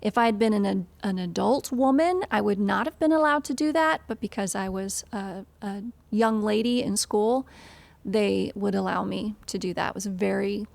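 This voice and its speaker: A woman's voice: medium pitch, normal speed, gravelly, no room sound. A woman from Western Illinois sharing her upbringing in a casual podcast conversation, earnest and reflective.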